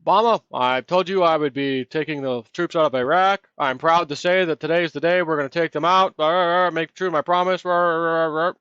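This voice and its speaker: A man's voice: fairly high pitch, steady tone, a little fast, hardly any pauses, a bit bright, clean tone, no echo, natural voice. A man doing a mocking impression of a boastful male president giving a speech. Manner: mocking, self-congratulating. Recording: dull, lo-fi, dry.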